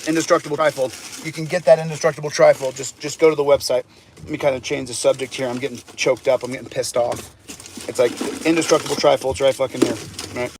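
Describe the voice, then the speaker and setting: A man's voice: on the high side, slight background noise. A man ranting on a livestream, rambling and repeating himself, agitated.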